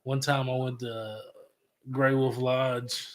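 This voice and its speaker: A man's voice: mid-range voice, flat delivery, slow pace. A man in his thirties, a father of young kids, telling crude, joking stories in casual podcast chat. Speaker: podcast co-host.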